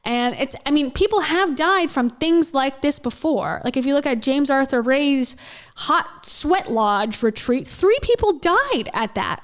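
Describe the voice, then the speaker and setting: A woman's voice: high-pitched, expressive, measured pace. A woman hosting a casual reaction commentary, sarcastic, laughing and swearing as she talks. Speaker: commentary host.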